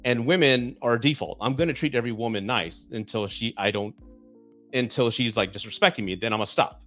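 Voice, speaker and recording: A loose, chatty man with a Southern Texan drawl talks at a middling pitch on his live stream and drops the odd swear word. Faint music plays behind him. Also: a little fast, fairly bright tone. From South Texas, USA. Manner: chatty, loose, swears, reads comments aloud. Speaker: divorce podcast host. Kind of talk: live-streamed casual monologue.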